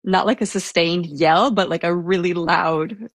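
A soft-spoken woman telling a personal story in a casual interview, hesitant and full of fillers. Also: lowish voice, a little slow, dry recording. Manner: self-described introvert.

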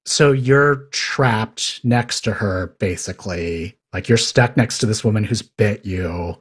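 A man's voice: on the low side, takes it slowly, husky. A man interviewing a guest, asking short and curious follow-up questions. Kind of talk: casual interview.

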